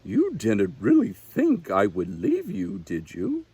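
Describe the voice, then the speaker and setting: A man voicing a gentle, caring mother owl in a storybook reading, soft and reassuring. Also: medium pitch, wildly swooping pitch, slow, husky, dry recording, exaggerated voice.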